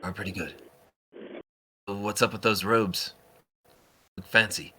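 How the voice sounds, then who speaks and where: A man's voice: lowish voice, fairly even intonation, measured pace, sharp tone, husky. A man playing a tabletop character in an easygoing, slightly hesitant way. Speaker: player.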